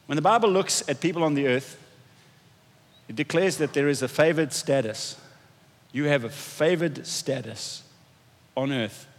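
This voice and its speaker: Man preaching in a reverberant hall. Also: on the high side. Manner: conversational, self-deprecating preaching with restarts. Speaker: pastor. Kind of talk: sermon. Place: church hall.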